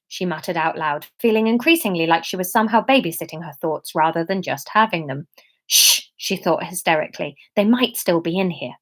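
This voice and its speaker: A woman in her thirties reading her own comic story aloud, chatty, breaking off for asides and self-corrections. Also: mid-range voice. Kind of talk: unscripted-feeling serial story reading.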